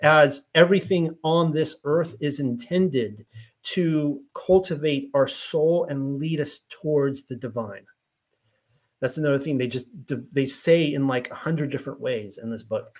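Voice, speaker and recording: A man's voice: a little high, measured pace. A man reading passages of a spiritual text aloud and then explaining them in loose, chatty asides full of "you know" and "right?".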